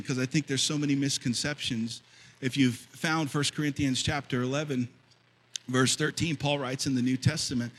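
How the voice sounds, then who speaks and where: A man in his fifties preaching a sermon as pastor, telling a story and then rising to loud, fervent preaching. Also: medium pitch, a little hiss or hum, low-quality recording. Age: 50s.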